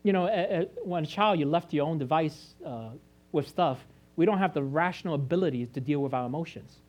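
A man's voice: fairly high pitch, a little fast, darkish tone. Earnest man giving a confessional sermon. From China. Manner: earnest and confessional, with frequent restarts and rising emphasis. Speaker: pastor. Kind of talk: personal testimony sermon.

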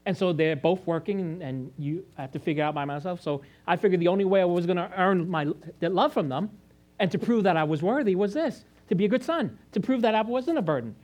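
A man's voice: high-pitched, fast talker, darkish tone. A man from China, a pastor, giving a personal testimony sermon, earnest and confessional, often restarting and rising in emphasis.

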